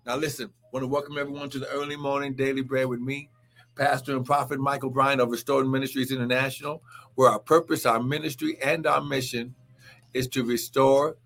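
A man preaching and praying as a pastor in a live morning service, fervent, with shouted exclamations and speaking in tongues. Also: medium pitch, level tone, brisk. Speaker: pastor and prophet.

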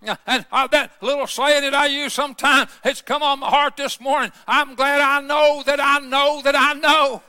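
A pastor delivers an impassioned sermon, his very high voice ringing with a sharp, forceful edge. He peppers his lines with "uh" and keeps pushing toward shouted declarations. The sound is dry and close, with no room echo. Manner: impassioned preaching that swells into shouts, many "uh" fillers. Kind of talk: fervent sermon.

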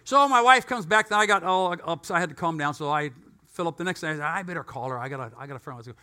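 A man's voice: on the high side, fast talker. A man preaching a sermon, telling a folksy story and acting out both sides of the conversation with joking asides. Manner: animated storyteller, acts out both sides of dialogue. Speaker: pastor.

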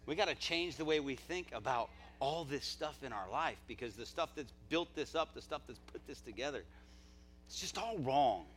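A man's voice: lively intonation, moderate pace, slight background noise. Impassioned man preaching a live sermon. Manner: impassioned, swings from low asides to near-shouting. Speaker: pastor. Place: church service.

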